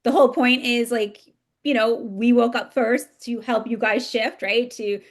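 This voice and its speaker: A woman hosts a casual podcast, rambling enthusiastically through her thoughts with many fillers. Her voice sits fairly high and carries a strong gravelly fry. She sounds chatty and eager. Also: fairly even intonation, measured pace. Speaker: podcast host.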